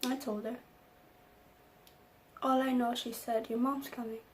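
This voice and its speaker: A woman's voice: a little high, little pitch movement, unhurried. A young woman vlogger telling an emotional personal story, acting out the lines of the people in it. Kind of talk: storytime vlog.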